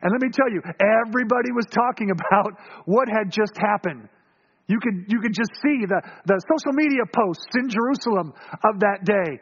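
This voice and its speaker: A male pastor preaching a sermon, telling the story with animated acting-out of voices and frequent chuckles. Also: sits high, normal speed, breathy edge, lo-fi sound.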